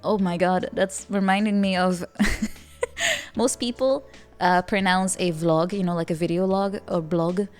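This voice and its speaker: A woman's voice: fairly low pitch, unhurried, faint music behind. A woman with a Dutch accent, a streamer chatting casually with viewers, giggling often and stammering through playful restarts.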